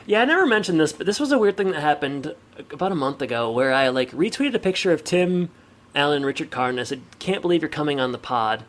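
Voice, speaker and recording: A man's voice: on the high side, expressive, fast talker, fairly bright tone. A man co-hosting a podcast in casual chat, rambling with lots of filler words. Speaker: podcast co-host.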